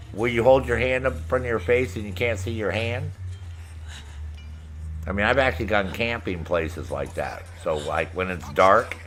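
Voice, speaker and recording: A man's voice: mid-range voice, a bit bright. Man, middle-aged, game streamer, profane, brash, laughing, casual chat. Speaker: gaming streamer.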